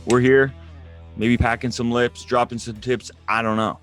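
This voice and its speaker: A man's voice: medium pitch, level tone, normal speed, faint music behind. Laid-back man co-hosting a podcast. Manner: laid-back, joking banter. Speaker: podcast co-host, coach. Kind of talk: casual chat.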